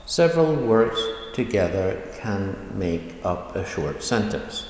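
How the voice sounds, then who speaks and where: A man teaching an online language lesson, explaining slowly and repeating examples. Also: on the low side, very animated, a little mellow. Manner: slow, deliberate explaining with repetitions. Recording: echoey room with long reverb.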